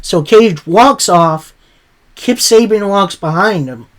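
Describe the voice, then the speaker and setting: A man's voice: sits high, slow pace. A man hosting a casual weekly wrestling recap. He retells promos in his own words and openly reacts with surprise. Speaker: wrestling show recap host.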